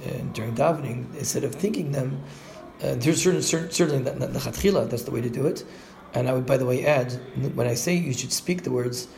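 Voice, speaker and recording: A man's voice: mid-range voice, gravelly, a little mellow, a little hiss or hum. A man, a rabbi, giving a spoken lesson on Jewish law, explaining step by step and glossing Hebrew terms in English.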